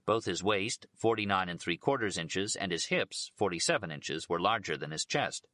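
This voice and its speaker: Male audiobook narrator: low, bright, lively delivery, dry close sound. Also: moderate pace, dry recording. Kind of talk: audiobook reading of a biography.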